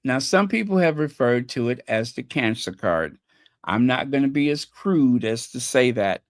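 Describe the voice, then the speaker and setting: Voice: mid-range voice, lively intonation, moderate pace, no room sound, studio quality. A channel host chatting casually with viewers, teasing and gossipy, often trailing off while searching for names and laughing at their own jokes. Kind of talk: casual livestream chat.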